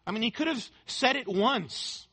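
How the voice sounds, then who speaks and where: Emphatic high-voiced preacher, bright tone. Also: male voice, animated, moderate pace, husky. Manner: emphatic, repeats key words for weight. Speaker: pastor. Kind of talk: expository sermon.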